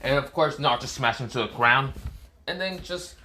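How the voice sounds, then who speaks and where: A man's voice: medium pitch, moderate pace, sharp tone. A man casually retelling a fan-made story in a rambling way, full of fillers and restarts.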